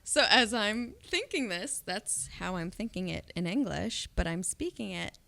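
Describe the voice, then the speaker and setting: A woman co-hosts a casual podcast chat, her voice bright and forceful. She tells stories with animated energy and breaks into laughter often. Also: mid-range voice, a little slow, vocal fry. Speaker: podcast co-host.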